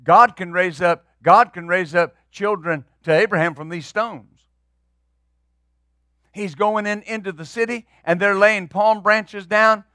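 A man's voice: sits high, fairly even intonation, measured pace, sharp tone, dry recording, clean studio sound. A man preaching as pastor, emphatic and building in bursts, often repeating words as he drives a point home. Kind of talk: sermon.

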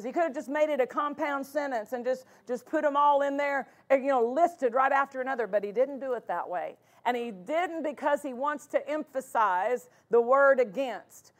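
A woman's voice: sits high, moderate pace. A woman pastor preaching a sermon, stressing and repeating key phrases with emphatic conviction.

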